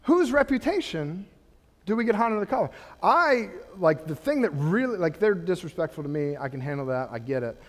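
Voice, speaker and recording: Man, middle-aged, pastor, sermon, high voice, impassioned rhetorical questions, reverberant hall. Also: very animated, a little fast.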